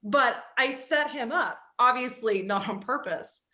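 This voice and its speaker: A woman with a bright, fairly high voice tells an anecdote as an interview guest. She is animated and drops "like" every few words. The sound is echoey, with a roomy ring around her. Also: a little slow. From East Coast of the United States. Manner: animated, frequent "like" fillers. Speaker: author and psychologist, interview guest. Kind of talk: casual storytelling in an interview.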